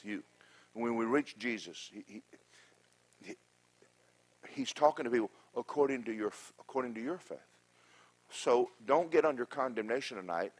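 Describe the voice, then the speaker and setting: A pastor preaching a sermon, telling stories with humorous asides and swinging from loud exhortation to quiet remarks. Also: male voice, mid-range voice, moderate pace, pauses often, slightly rough. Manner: animated storytelling with humorous asides.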